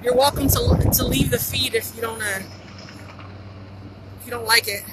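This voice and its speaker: Breathless high-voiced woman streaming outdoors. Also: normal speed. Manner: urgent, excited, repeats herself. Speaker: live-streaming citizen reporter. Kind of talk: live phone stream, unscripted commentary. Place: outdoors on a pedestrian bridge by a busy border crossing. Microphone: handheld phone. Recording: noisy outdoor phone recording. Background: traffic and helicopters.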